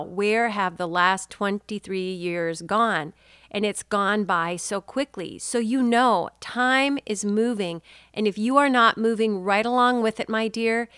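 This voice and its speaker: Smooth-voiced chatty woman podcast host. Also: mid-range voice, unhurried, no echo, studio quality. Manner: warm-hearted, chatty, addresses listener as dear. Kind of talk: casual inspirational monologue.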